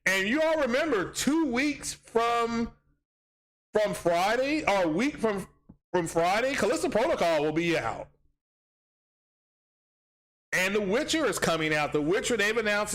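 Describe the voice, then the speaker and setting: A man's voice: high-pitched, expressive, moderate pace, a bit bright. A man hosting a casual gaming livestream, rambling with many ums and restarts as he reads chat aloud.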